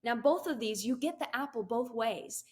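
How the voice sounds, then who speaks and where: A woman's voice: a little high, animated, normal speed, darkish tone, husky. A middle-aged woman, a guest on an interview show, telling her story in a casual, giggly way with many fillers and laughs. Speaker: guest, business coach and CEO.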